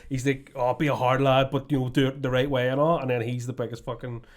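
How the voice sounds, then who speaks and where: Fast-talking, swearing man. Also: mid-range voice. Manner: swears a lot, animated storytelling. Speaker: podcast co-host. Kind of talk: casual chat.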